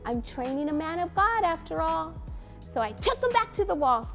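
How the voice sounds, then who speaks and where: A woman pastor giving parenting advice through a lively personal story, acting out the voices of those in it. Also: very high voice, normal speed, vocal fry. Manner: animated storytelling, acts out quotes. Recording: faint music behind.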